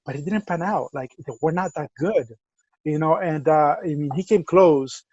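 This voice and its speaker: A man's voice: a little high, normal speed, a little mellow, no room sound. Salvadoran-accented male podcast co-host, loose rambling delivery, dry muffled remote audio. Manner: rambling, many fillers and restarts. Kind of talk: casual chat.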